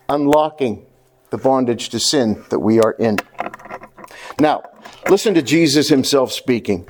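A man preaching a sermon to his church, animated and stressing repeated key words. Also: fairly high pitch. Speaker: pastor.

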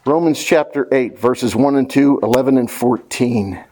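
A pastor preaching a sermon, repeating key phrases for emphasis and putting questions straight to the congregation in a folksy way. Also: male voice, medium pitch, moderate pace, warm tone. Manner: addresses the congregation directly with questions; folksy, drops into casual slang.

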